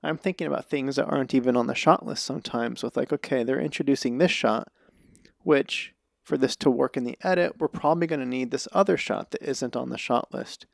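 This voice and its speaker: Man, podcast host, gravelly voice, dry close sound, thoughtful, long explanations. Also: medium pitch, brisk, no room sound. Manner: thoughtful, explains at length with restarts. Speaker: podcast host and script supervisor. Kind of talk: casual conversation.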